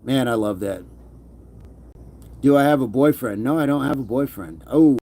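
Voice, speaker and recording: A man's voice: medium pitch, moderate pace, a little mellow. Joking man chatting on a livestream. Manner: loose and joking, drops into a mock movie-gangster voice. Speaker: livestream host. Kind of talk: casual livestream chat reading comments.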